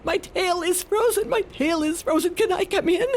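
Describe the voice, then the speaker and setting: A woman's voice: very high voice, normal speed, pitched above the performer's own voice. A woman voicing a freezing male fox who whines plaintively. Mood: whining. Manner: whining, plaintive.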